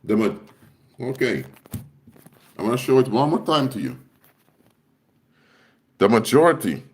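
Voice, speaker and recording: A man's voice: lowish voice, darkish tone. Emphatic man preaching on a live stream. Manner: emphatic, repeats key phrases for force.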